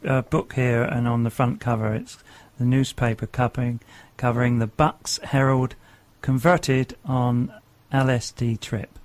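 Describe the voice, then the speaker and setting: A man's voice: mid-range voice, fairly even intonation, measured pace, few pauses. A male radio host with a mid-range voice leads an interview. He asks his questions hesitantly, filling gaps with ums and encouraging his guest to carry on.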